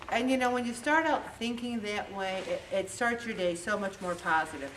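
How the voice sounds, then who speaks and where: A woman leading a group meeting, telling stories in a chatty, animated way. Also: medium pitch, normal speed, few pauses, slight background noise. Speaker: group leader giving a talk. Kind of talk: motivational talk to a group. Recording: echoey room, voice from a distance.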